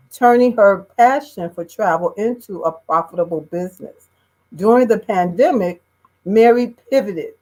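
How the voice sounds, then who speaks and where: A woman's voice: mid-range voice, poor audio. A woman from Chicago co-hosting a livestream, reading a guest's bio aloud with casual asides. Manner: reads a guest bio, adds warm asides. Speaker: co-host.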